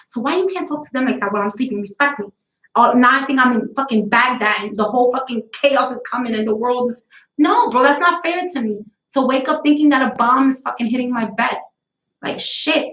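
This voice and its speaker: Hosting her own live talk stream, a woman chats casually in a fairly high, somewhat bright voice. She's blunt and profane, drifting from story to story. The recording is low quality and reverberant.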